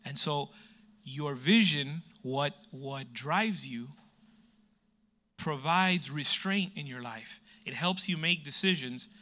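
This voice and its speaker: A man's voice: on the high side, sharp tone. A middle-aged man preaching a sermon in a conversational way, with humor and asides to the congregation.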